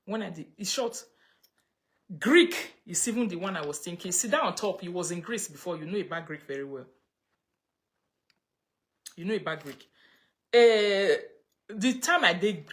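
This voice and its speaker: Chatty Nigerian woman, low voice. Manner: chatty, mixes pidgin and English, breaks into laughter. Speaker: livestream host. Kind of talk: casual chat reading viewer comments.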